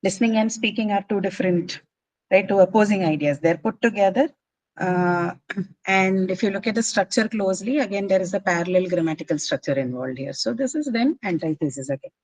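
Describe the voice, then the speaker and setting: A woman's voice: medium pitch, a little fast, a little mellow, dry recording, low-quality recording. A woman teaching a class, explaining figures of speech patiently and checking that students follow. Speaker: English literature teacher. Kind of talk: classroom lecture.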